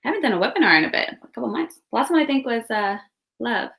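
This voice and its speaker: This workshop host talks fast in a sing-song, creaky voice that runs high and fairly bright. Hosting a live webinar from a windowed room at home, she chats cheerfully with viewers and names the places they're joining from.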